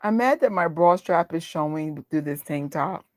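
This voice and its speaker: A woman hosting a live watch party and reacting to a film in casual, emotional outbursts. Her pitch swings widely as she rants, jokes and laughs, and the sound is close and dry. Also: animated, moderate pace, a little mellow, no room sound. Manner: casual and joking, with frequent laughs. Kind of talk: live movie reaction chat.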